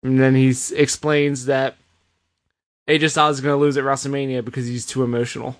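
A man co-hosting a podcast, giving an animated casual recap with plenty of swearing. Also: medium pitch, brisk. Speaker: podcast co-host. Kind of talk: casual chat.

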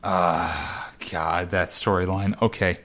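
A man's voice: low voice, level tone, takes it slowly, a bit bright. A man co-hosting a casual podcast who chimes in with short, wry reactions. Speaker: podcast co-host. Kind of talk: casual chat.

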